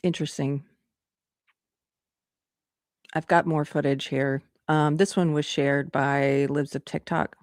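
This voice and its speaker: Low-voiced indignant woman hosting a live stream. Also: flat delivery, a little slow, no room sound, clean studio sound. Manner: indignant, sarcastic. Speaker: host. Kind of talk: live-streamed political commentary.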